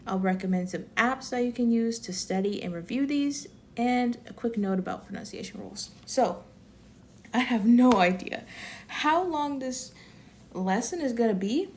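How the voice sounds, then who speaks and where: A woman's voice: on the high side, expressive, moderate pace, darkish tone, slight background noise. Chatty woman teaching a lesson. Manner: chatty, rambling, self-correcting, laughs often. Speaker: Korean language teacher. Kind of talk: casual online lesson.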